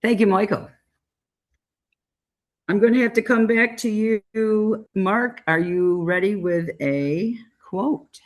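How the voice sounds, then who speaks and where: A woman's voice: mid-range voice, slow. A woman chairing a club meeting, chatty and a little hesitant as she introduces each role.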